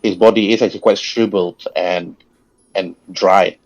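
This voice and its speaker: A man narrating as dungeon master in a tabletop game over voice chat, describing scenes in a halting way and repeating words. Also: deep voice, fairly even intonation, dull audio.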